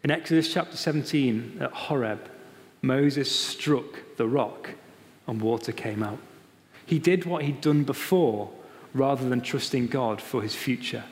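A man preaching a sermon, stressing key phrases and repeating them slowly. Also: mid-range voice, in a large hall. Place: church.

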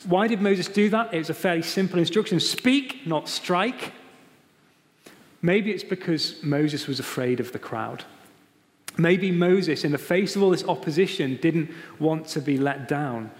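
Emphatic preacher in reverberant hall. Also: male voice, fairly high pitch. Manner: emphatic, repeats key phrases, slows down for stress. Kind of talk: sermon. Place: church.

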